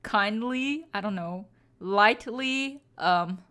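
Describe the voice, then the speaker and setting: A woman's voice: medium pitch, slow pace, sharp tone. A woman chatting casually on a stream, pleading and groaning with exaggerated drama to her viewers. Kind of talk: casual live-stream chat.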